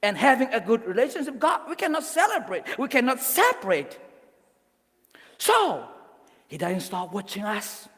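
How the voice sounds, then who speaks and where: Youth preacher, male, high voice, exhorting and earnest, long hall reverb. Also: huge pitch swings, moderate pace, a bit bright. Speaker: youth speaker. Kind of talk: youth sermon.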